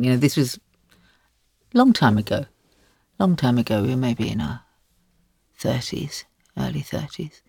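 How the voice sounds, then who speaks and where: Wry, lively older woman storyteller. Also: extremely low pitch, moderate pace, vocal fry, slightly rough, no echo, clean studio sound. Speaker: guest author. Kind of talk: podcast interview.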